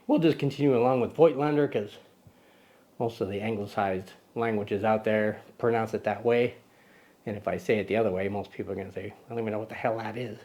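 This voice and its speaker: A man hosting a casual camera show, joking around, teasing a little sidekick and rambling with self-corrections. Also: mid-range voice. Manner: playful, teasing, talks to a little buddy sidekick; loose and rambling, with many ums and self-corrections. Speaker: camera channel host.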